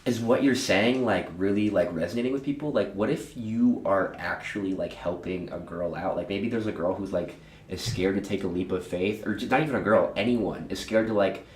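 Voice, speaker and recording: A man's voice: deep voice, brisk, echoey room, a little hiss or hum. A man in his twenties hosting a casual podcast, earnest and rambling with slang. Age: 20s. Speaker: podcast host. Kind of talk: casual chat.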